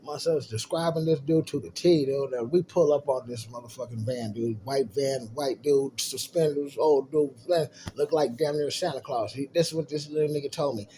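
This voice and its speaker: A man's voice: medium pitch, moderate pace, hardly any pauses, warm tone, slight background noise, rough recording. A middle-aged man telling a long personal story in casual, profane talk, laid-back and full of "you know what I mean.".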